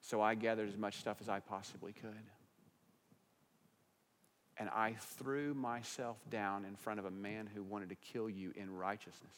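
Brief: man playing a calm, righteous wife confronting her husband; quiet, low, measured, in a reverberant hall.

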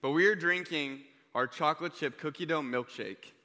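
A young man preaching to a youth group, telling a story in a lively, joking way. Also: on the high side, moderate pace. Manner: energetic, joking, conversational. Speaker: youth pastor. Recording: reverberant hall.

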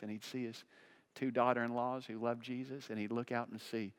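Preaching a sermon, this male pastor alternates between booming emphasis and quiet, low stretches. Repetition of words is one of his frequent tools for driving points home.

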